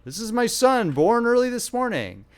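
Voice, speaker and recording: A man voicing a panicked father who cries out in hoarse, incredulous outbursts. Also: very high-pitched, very animated, moderate pace, voice pushed up, full character voice. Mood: horrified. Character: panicked frantic middle-aged father.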